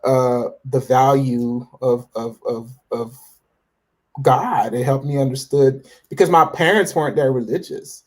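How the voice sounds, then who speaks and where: A man in his forties speaks a little slowly in a mid-range voice. In a casual interview he tells his faith story as the guest, sounding convinced and self-assured, with frequent restarts and fillers.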